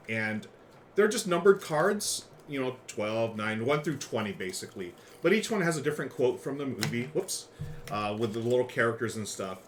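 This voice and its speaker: A man's voice: medium pitch, fairly bright tone, a little hiss or hum. Chatty man co-hosting a game stream. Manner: chatty, laughing, talks with mouth full. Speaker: game show co-host. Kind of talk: casual livestream chat.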